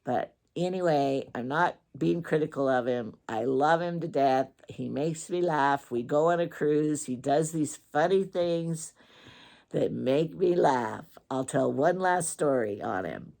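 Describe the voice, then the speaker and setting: A woman's voice: sits low, unhurried, vocal fry, darkish tone. A woman from Wyoming hosting her own casual morning show and telling rambling stories about her husband in a chatty, teasing way. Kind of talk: casual storytelling monologue.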